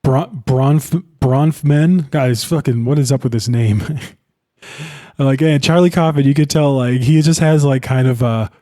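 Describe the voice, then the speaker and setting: A young podcast co-host chats loosely about a film, swearing often. His voice is medium-pitched and mellow, with a measured pace.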